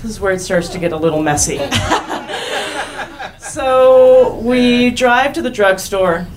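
A woman's voice: fairly high pitch, a little slow, crowd noise, low-quality recording. Candid woman telling a wry stage story. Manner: candid, wry, laughs at herself. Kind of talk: personal story told on stage.

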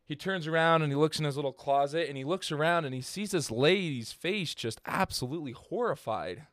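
A man hosting a podcast tells a story in rambling casual chat, full of fillers and restarts, and laughs at his own jokes. His voice is on the high side, fairly bright, and fairly quick. The sound is clean studio quality with no room sound.

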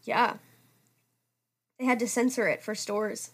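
A woman's voice: fairly high pitch, steady tone, unhurried, no echo. A young woman co-hosting a podcast, telling stories chattily, laughing and swearing often. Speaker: podcast co-host. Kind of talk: casual chat.

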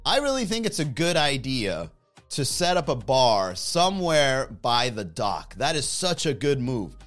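A man's voice: medium pitch, sing-song, a little slow, a bit bright, soft background music. A man hosting a livestream in casual chat, joking and rambling and laughing often. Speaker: livestream host.

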